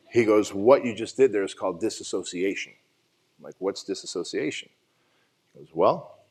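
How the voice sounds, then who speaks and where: A man in his forties from Armenia giving an emotional, profane motivational talk at a summit, telling his own story. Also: fairly low pitch. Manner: raw, emotional storytelling with frequent swearing. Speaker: summit speaker. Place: conference stage.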